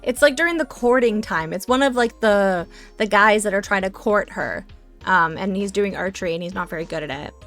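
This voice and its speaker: A woman's voice: mid-range voice, fairly quick, a bit bright, soft background music. A young woman from Louisiana, chatting casually with her live-stream chat, full of fillers, restarts and giggles.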